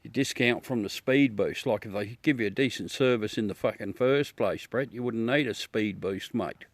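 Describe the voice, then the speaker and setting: This Australian man's voice is on the low side and moves at a normal speed. As a livestream host, he chats casually with viewers, ranting bluntly and swearing without restraint.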